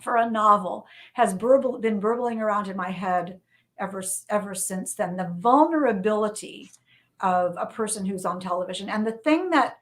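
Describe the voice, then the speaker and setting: A middle-aged woman, a journalist and novelist, telling lively anecdotes as an interview guest and repeating phrases for emphasis. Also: mid-range voice, normal speed. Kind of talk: conversational storytelling interview.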